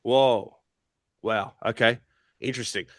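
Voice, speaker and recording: A man's voice: mid-range voice, steady tone, unhurried, a bit bright, no room sound. An Australian man talks as a podcast guest, chatty and keen, eager to share stories. His voice sits in the middle of the range for a man. The recording is close and dry, with no room sound. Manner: chatty, tells anecdotes with enthusiasm. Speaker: wrestling commentator, podcast guest. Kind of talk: casual podcast chat.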